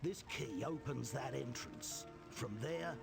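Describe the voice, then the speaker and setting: Casting note: a scheming game crime lord, put-on British accent, slow and gravelly, game music loud under him. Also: male voice, mid-range voice. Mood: smug. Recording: video game audio over loud music.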